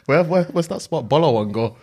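A man's voice: on the high side, animated, fairly quick, warm tone. A young man co-hosting a podcast, chatting playfully and laughing often. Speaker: podcast co-host. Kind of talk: casual chat.

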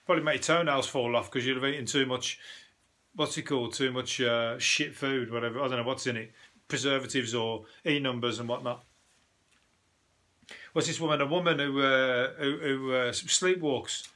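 Rambling, swearing comedian. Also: male voice, medium pitch, fairly even intonation, moderate pace, bright, forceful tone. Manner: rambling, swearing, frequent restarts and self-corrections. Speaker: comedian hosting a news review show. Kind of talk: casual comic monologue.

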